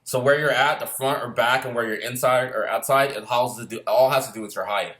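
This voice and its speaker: A man rattles off a story at a quick clip, rambling from one point to the next. He swears freely and laughs along as he talks. His pitch sits in an ordinary middle range. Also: fairly even intonation, a bit bright. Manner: rambling, laughs between lines, swears a lot. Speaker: storyteller recalling boot camp. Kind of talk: casual profane storytelling.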